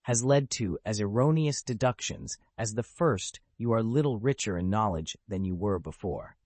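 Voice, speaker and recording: A man's voice: lowish voice, animated, normal speed, darkish tone, no room sound. A man voicing a proud, imperious young female priestess in an audiobook, with a scornful, commanding delivery. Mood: haughty. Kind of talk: audiobook character voice.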